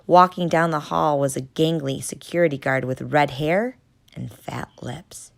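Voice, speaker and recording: A woman narrating a children's storybook in a measured, steady reading. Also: very deep voice, vocal fry. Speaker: audiobook narrator.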